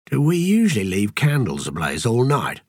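A man's voice: medium pitch, wildly swooping pitch, normal speed, darkish tone, husky, dry recording, clean studio sound, voice pushed up, exaggerated voice. A man voicing a skeptical young nobleman in an audiobook, dismissive and teasing. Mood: baffled.

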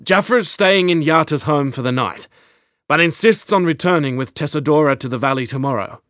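A man's voice: fairly high pitch, brisk, fairly bright tone, no echo, studio quality, pitched above the performer's own voice, natural voice. A man reading an audiobook, voicing a grim young man who reports bad news in a tense, clipped way.

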